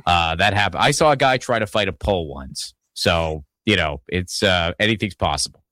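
Man from Pittsburgh, casual political host; low-ish voice, rambling stammered restarts, dry close sound. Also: expressive, normal speed, bright, forceful tone, dry recording. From Pittsburgh, Pennsylvania. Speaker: podcast host.

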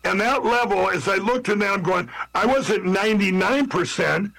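High-voiced guy from minnesota rambling on as a candidate, keeps restarting sentences, talks to everybody. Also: moderate pace, gravelly, fairly bright tone, poor audio. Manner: rambling, frequent restarts, addresses listeners as everybody. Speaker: political candidate guest. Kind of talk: interview talk.

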